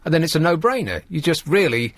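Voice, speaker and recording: Brief: male radio host, sardonic and rambling, higher-pitched, dry close studio sound. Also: big pitch swings, fast talker, no echo. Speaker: radio talk show host. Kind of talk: casual radio chat. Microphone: studio microphone.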